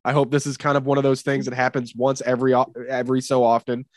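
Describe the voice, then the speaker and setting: A man's voice: medium pitch, monotone, fast, no room sound, clean studio sound. A man hosting a podcast in casual chat, rambling and cursing with many fillers. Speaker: podcast host.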